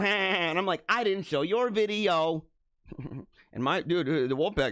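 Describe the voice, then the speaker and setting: A man's voice: fairly high pitch, lively intonation, normal speed, a bit bright, dry recording, clean studio sound. A man hosting a casual livestream, rambling and laughing as he reads comments and mimics voices. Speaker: livestream host.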